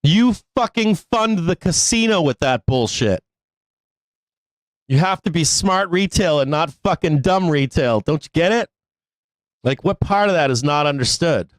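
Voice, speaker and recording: Exasperated, profane trading show host. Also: male voice, on the high side, expressive, unhurried, no echo, studio quality. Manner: exasperated, profane, pleading with viewers, laughs often. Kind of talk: live trading show rant.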